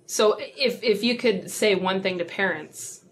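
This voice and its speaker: A woman's voice: mid-range voice, measured pace, a little hiss or hum. A woman hosting an interview, who sums up her guest's points and adds brief affirmations. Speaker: host.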